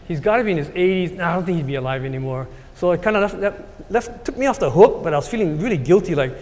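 A man's voice: on the high side, expressive, fast, a little mellow, in a large hall. A man in his sixties telling a long personal story to his congregation, rambling and heartfelt, with many fillers. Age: 60s. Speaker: church speaker.

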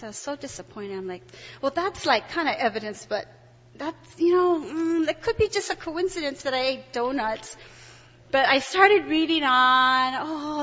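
Animated woman telling a story in a hall. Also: a little high. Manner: animated, excitable, laughs often. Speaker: testimony speaker. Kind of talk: personal storytelling to an audience. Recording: dull, reverberant hall recording.

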